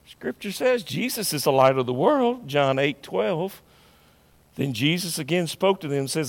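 A pastor delivers a sermon in his church with a high-pitched, lifted voice. He preaches emphatically, pushing some phrases out loud and dropping others to a near hush. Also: normal speed. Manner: emphatic preaching, swings between loud and hushed. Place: church sanctuary.

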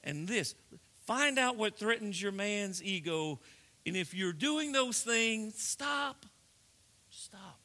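Pastor, male, middle-aged; earnest sermon delivery, hushed then rising; bright tone. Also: high-pitched, animated, slow. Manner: earnest preaching, swings between hushed and raised.

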